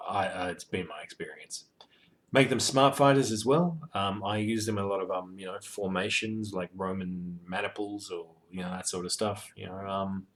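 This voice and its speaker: A man's voice: low voice, normal speed. A man talking casually about running tabletop games, rambling with many ums and you-knows, sweary and joking. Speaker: tabletop game master giving advice. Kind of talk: casual advice monologue.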